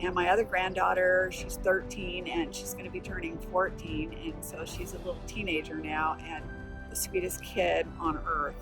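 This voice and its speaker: Gravelly-voiced older woman vlogging outdoors. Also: fairly low pitch, poor audio. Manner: warm, reflective, encouraging talk about family. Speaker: host. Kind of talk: casual vlog storytelling. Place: outdoors in a park, walking and resting. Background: music.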